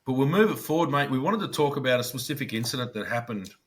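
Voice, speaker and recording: A man's voice: medium pitch, lively intonation, fast, a little hiss or hum. An Australian man, a former police officer co-hosting a podcast, telling blunt war stories in a casual chat, swearing freely and acting out what colleagues said.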